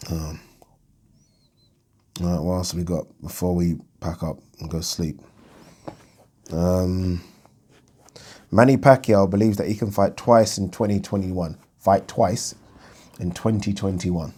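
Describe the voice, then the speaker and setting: Male host, casual solo boxing commentary, low and warm delivery, blunt and chatty. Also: steady tone, measured pace, long pauses, breathy edge. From United Kingdom. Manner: chatty and blunt, thinking aloud with frequent ums.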